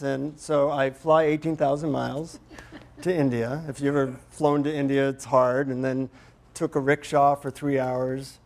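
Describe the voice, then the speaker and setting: A man speaking to a group in a somewhat high voice, loose and joking. He rambles through his story with lots of ums and uhs. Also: steady tone, a little slow. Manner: humorous, chatty, many fillers. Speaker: workshop speaker. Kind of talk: storytelling talk to a live group.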